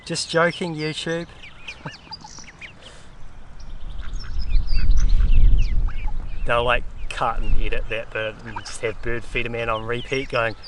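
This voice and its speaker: A man's voice: medium pitch, normal speed, hardly any pauses. Rambling man venting outdoors. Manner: loose and rambling, full of fillers and tag "eh?"; coos softly to the ducks. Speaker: vlogger. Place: outdoors by water with ducks. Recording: outdoor recording with clear ambient noise.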